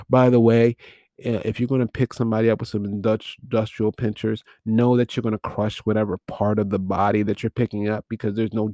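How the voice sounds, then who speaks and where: Slow-talking man recapping a movie. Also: medium pitch, darkish tone, dry recording, studio quality. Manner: rambling, wry, profane, laughs at the plot. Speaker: podcast host.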